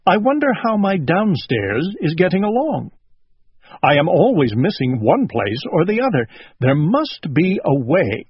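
Storybook owl: man doing a soft-hearted, muddled little owl, high and breathy. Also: big pitch swings, measured pace, no echo, heavily acted. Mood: wondering. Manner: earnest and simple-minded. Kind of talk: storybook read-aloud. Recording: dull lo-fi recording.

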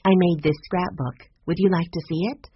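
A storybook narrator voicing a shy, gentle young girl who speaks softly and quietly, in a dull lo-fi recording. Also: mid-range voice, steady tone, normal speed, slight background noise, lightly acted.

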